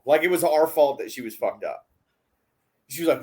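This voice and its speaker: Man with a somewhat higher voice, chiming in on a bar story with easy cursing. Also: brisk, darkish tone. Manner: profane, conversational. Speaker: podcast co-host. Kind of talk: casual storytelling.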